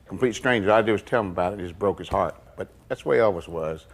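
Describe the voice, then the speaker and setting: Older male interviewee, lowish register, relaxed folksy storyteller acting out quotes. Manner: folksy, unhurried, slips into quoted dialogue. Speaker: interviewee recalling past events.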